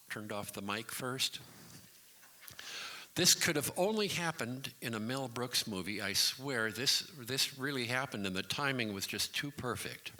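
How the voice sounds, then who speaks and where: An older man in his sixties tells a dry, funny anecdote from a community hall stage. His low voice is bright and swings widely in pitch. He drops into mock announcer voices now and then. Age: 60s. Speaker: variety show storyteller.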